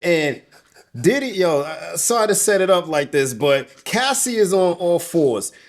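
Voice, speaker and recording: A man's voice: a little high, big pitch swings, a little slow. A man, an interview guest, telling stories in a casual, laughing way and ending nearly every phrase with bro. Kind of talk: casual storytelling.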